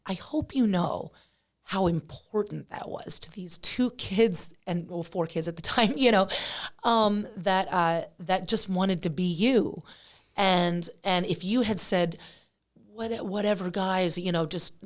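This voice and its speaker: A woman from Pennsylvania, a guest musician telling stories in a casual interview, animated and chatty with lots of fillers. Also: on the low side, measured pace. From Pennsylvania, USA.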